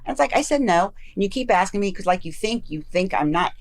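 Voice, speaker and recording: Animated woman chatting on a podcast. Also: mid-range voice, fast talker. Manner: animated, self-deprecating, acts out quoted lines. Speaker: podcast guest. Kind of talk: casual podcast chat.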